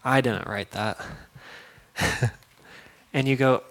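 A young man preaching a casual, conversational sermon, upbeat and then dropping to a soft prayerful tone. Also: medium pitch, steady tone, slow pace, pauses often. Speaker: pastor.

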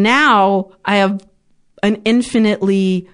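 A woman from Ukraine speaking as a podcast guest, her voice sitting a touch low. She talks frankly, swears freely and acts out her own past outbursts as she tells personal stories. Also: unhurried. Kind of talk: candid conversational storytelling.

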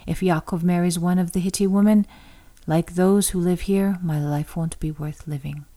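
A woman's voice: lowish voice, fairly even intonation, moderate pace, warm tone, lightly acted. A woman reading the lines of an anxious, scheming mother, with an urgent, insistent delivery.

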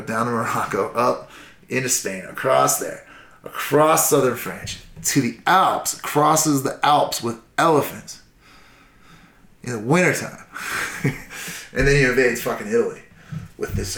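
A man tells history in a loose, swearing, animated way, jumping into quick acted-out lines. His voice sits at an ordinary middle pitch. The recording carries a noticeable roomy echo. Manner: profane, animated, acts out shouts and quotes. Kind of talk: casual history storytelling.

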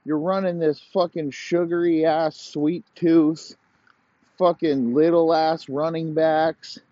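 A man's voice: a little high, little pitch movement, slow, warm tone, dry recording, dull audio. A man hosting a podcast, ranting profanely and rambling in heated complaint. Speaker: podcast host. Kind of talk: profane casual rant.

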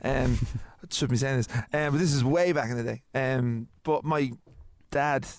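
A man's voice: medium pitch, no echo. A man in his twenties with a Dublin Irish accent, telling stories as a podcast guest in casual, swear-laden chat. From Ireland. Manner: rapid, swearing, laughing storyteller. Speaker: guest singer.

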